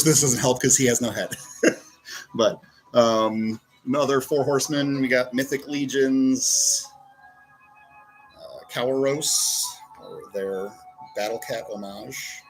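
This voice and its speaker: A man's voice: mid-range voice, poor audio. A man reviewing toy figures in a rambling, casual way, often breaking off to talk to himself as he poses them. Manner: rambling, self-interrupting, talks to himself while posing figures. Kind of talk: casual chat.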